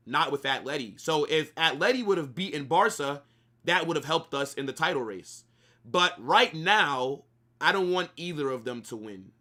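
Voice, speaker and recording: This is a young man on a live football watch-along stream, speaking with a bright, slightly high voice. Animated and opinionated, he leans on slang and casual swearing, arguing in a loose, conversational style.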